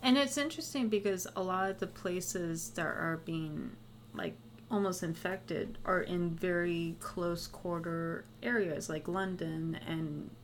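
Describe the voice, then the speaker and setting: A woman's voice: on the low side, measured pace, slight background noise. A woman casually discussing a movie with a friend, chatty, saying "like" a lot and laughing easily.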